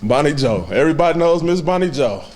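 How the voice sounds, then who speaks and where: A man in his twenties giving a heartfelt, halting acceptance speech to a banquet audience, with many fillers. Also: a little high, lively intonation, heavy background noise. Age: 20s. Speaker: hall of fame inductee giving a speech.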